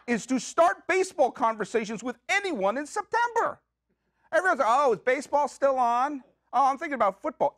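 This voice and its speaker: A man hosting his own podcast, talking in an excitable, jokey, rambling way with quick asides from a community media studio. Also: very high-pitched, no room sound. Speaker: podcast host. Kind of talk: comic solo podcast monologue.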